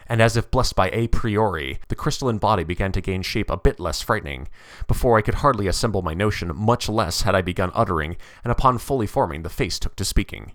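Male narrator, low voice, lively pitch, rhythmic rhyming storytelling, dry close mic. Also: fast talker, no echo.

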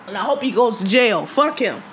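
Indignant high-voiced woman podcaster. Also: lively intonation, moderate pace, fairly bright tone, a little hiss or hum. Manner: indignant, profane storytelling. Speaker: podcast host. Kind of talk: casual podcast commentary.

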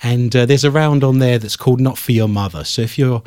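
A man hosts a radio show in a studio, telling rambling stories with a dry, joking edge. His voice sits at an ordinary pitch for a man. The sound is close and dry, with almost no room in it. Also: brisk, a little mellow, clean tone, dry recording. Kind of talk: casual radio banter.

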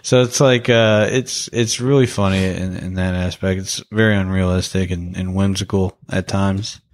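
In a low, steady voice at a moderate pace, a young podcast co-host talks casually about a film he saw. He rambles, restarting often, using plenty of fillers and laughing along the way.

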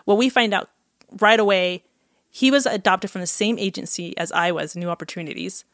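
A woman's voice: medium pitch, fairly quick, fairly bright tone, no echo, studio quality. A woman telling a personal story in casual conversation, acting out quoted dialogue and often laughing. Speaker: guest telling her adoption story.

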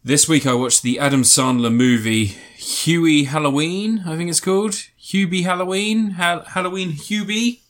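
A man's voice: a little high, moderate pace, hardly any pauses, fairly bright tone. A man co-hosting a casual comedy podcast, talking in a sarcastic, sweary, mock-earnest way. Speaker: podcast co-host.

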